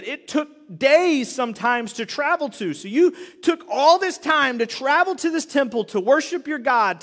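High-voiced man preaching in a reverberant church. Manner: animated storytelling with acted quotes. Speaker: pastor. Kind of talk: sermon.

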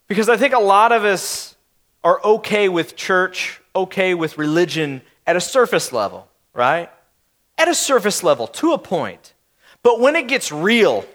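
A young adult man preaching a sermon as pastor, playful and animated, acting out skeptical townspeople in quick asides. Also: high voice.

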